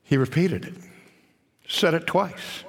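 A man preaching a sermon, deliberate and emphatic, rising to shouts on key words. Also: a little high. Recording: long reverb of a large hall.

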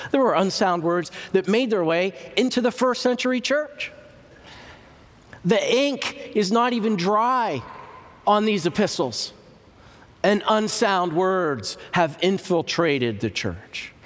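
Slow, emphatic male preacher in a hall. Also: sits high, sing-song, fairly bright tone. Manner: slow and emphatic, repeating key words with long pauses. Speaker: church historian and lecturer. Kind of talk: teaching sermon. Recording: reverberant hall recording.

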